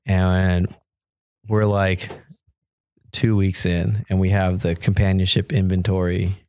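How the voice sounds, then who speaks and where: A man's voice: deep voice, slow pace, clear, resonant tone, dry recording. Man telling a story, acting out dialogue. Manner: animated, acts out quoted dialogue. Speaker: podcast guest. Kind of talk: casual storytelling in an interview.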